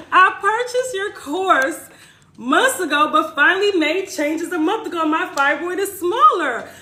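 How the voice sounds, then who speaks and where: A woman hosting a casual livestream, chatting to viewers and reading out their comments, sometimes bursting into excited squeals. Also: fairly high pitch. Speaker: livestream host, holistic health coach. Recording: echoey room.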